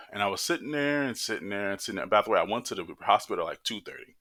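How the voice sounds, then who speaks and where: Man, storytime vlog, lively up-and-down delivery, bright voice, low pitch, swears a lot. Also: fast talker. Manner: animated, swearing, acts out quotes with high-pitched voices. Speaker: vlogger telling a story.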